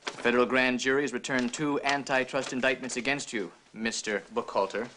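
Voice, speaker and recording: A man's voice: mid-range voice, fairly even intonation, fairly quick, bright, forceful tone, a little hiss or hum, lightly acted. A man playing a formal federal attorney. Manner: polite, official. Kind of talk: 1970s crime film acting.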